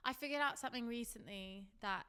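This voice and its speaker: A woman's voice: on the high side, brisk, pushed and bright, clear, resonant tone. A young adult woman, co-hosting a podcast in a candid, sweary, chatty way. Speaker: podcast co-host. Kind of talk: casual chat.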